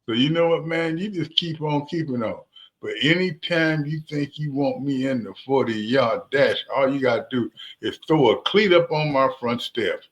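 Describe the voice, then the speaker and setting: A man co-hosting a sports talk show talks casually with a guest. His voice sits at an ordinary male pitch. He heaps praise and cracks jokes as he goes. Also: moderate pace, low-quality recording. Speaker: co-host, former football player. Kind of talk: casual studio chat.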